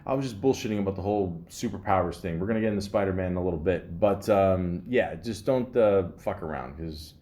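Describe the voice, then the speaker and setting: A man's voice: low voice, brisk, hardly any pauses, mellow. A man hosting a podcast in a casual rambling monologue, swearing freely, using lots of fillers, and reading facts aloud before riffing on them. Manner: rambling, profane, filler-heavy. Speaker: podcast host.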